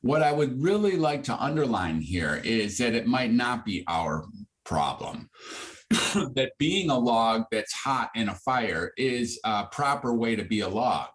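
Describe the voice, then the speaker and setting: An older man, a psychiatrist, talks openly in a conversational interview. His voice sits at a middling pitch and leaps upward in lively bursts when he drives a point home. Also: measured pace. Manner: animated, builds to high bursts when making a point. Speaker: psychiatrist guest.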